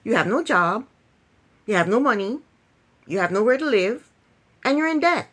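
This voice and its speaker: Woman, casual show recap, sarcastic, very lively intonation, fairly high voice. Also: normal speed. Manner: animated and sarcastic, laughs often. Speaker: TV recap youtuber.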